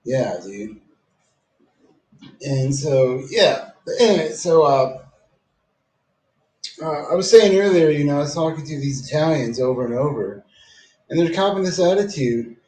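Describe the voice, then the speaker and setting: A man's voice: on the high side, lively intonation, unhurried, pauses often, a little mellow, echoey room, poor audio. A man delivering a casual, profanity-laced, rambling rant to camera, repeatedly calling the listener "dude".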